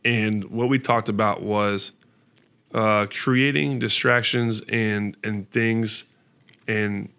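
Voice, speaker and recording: A man's voice: on the low side, steady tone, slow, creaky, bright, forceful tone, clean tone. A man hosting a podcast, chatting casually in an upbeat, encouraging way. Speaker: podcast host.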